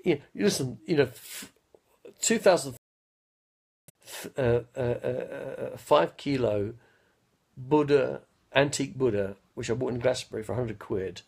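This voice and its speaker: A man in his fifties telling rambling stories on a live stream, speaking slowly with a slight stutter and often losing his train of thought. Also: medium pitch, a little mellow. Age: 50s. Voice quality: gravelly, husky. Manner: slow, halting, loses his train of thought. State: mild stutter after head injury. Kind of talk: rambling casual storytelling.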